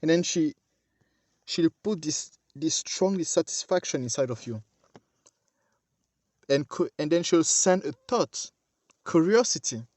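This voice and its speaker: Man preaching, kinda high voice, keeps repeating himself and talking straight to the crowd, dry sound. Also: expressive, unhurried, pauses often, a little mellow, no room sound. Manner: emphatic and repetitive, addressing listeners directly. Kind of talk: sermon.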